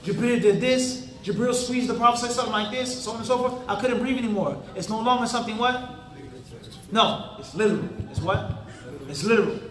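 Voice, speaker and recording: A man's voice: very high voice, fairly quick. Lecturing man in a roomy hall. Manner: quizzes the audience with fill-in questions; lively, casual street-talk asides. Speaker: Islamic teacher. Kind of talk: interactive religious lecture. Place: mosque hall. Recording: roomy hall, mic at a distance.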